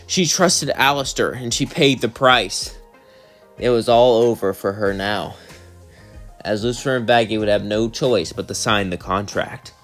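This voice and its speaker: A man's voice: fairly low pitch, measured pace, fairly bright tone, faint music behind. A young man narrating a fan story and chatting casually as channel host. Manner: rambling, casual.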